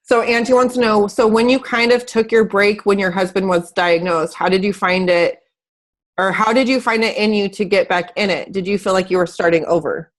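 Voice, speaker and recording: A woman's voice: medium pitch, steady tone, moderate pace. A woman hosting a casual live video call, talking in an emphatic, motivational way with blunt, mildly profane asides. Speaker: host of a coaching live video. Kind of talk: casual live-stream chat.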